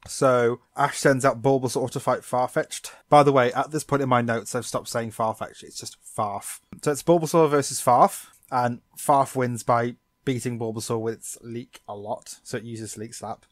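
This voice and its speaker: Male podcast co-host, sarcastic animated recap, mid voice, dry sound. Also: mid-range voice, normal speed, hardly any pauses, no echo. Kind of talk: casual episode recap chat.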